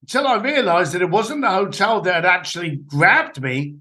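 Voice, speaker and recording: Animated man, high lively voice. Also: normal speed. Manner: animated, blunt, swears casually. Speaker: guest, entrepreneur and author. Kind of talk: podcast interview, storytelling advice.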